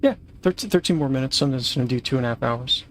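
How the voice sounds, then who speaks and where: A man's voice: medium pitch, fast, slight background noise. Chatty, easily puzzled man streaming a game. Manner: confused, chatty reactions to the game. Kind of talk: live game playthrough commentary.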